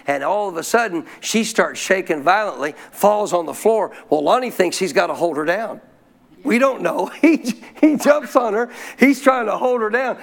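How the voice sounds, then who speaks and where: A male pastor telling a story in a sermon, folksy and animated, often clearing his throat. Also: sits high, brisk.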